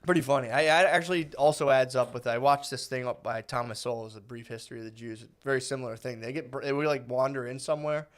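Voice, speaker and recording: A man in his thirties co-hosting a podcast, telling a long story in loose, casual banter. He swears freely and slips into quick put-on voices for the people in his anecdote. His voice sits at an ordinary middle pitch for a man. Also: fairly even intonation. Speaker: podcast co-host.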